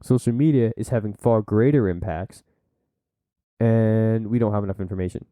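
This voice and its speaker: Man, solo podcast host, very mellow dark tone, dry sound, reads notes and adds blunt asides. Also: lowish voice, moderate pace, no room sound. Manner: reads sources aloud, then breaks off into blunt asides; slips into silly put-on voices. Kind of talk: solo podcast monologue, reading and commenting.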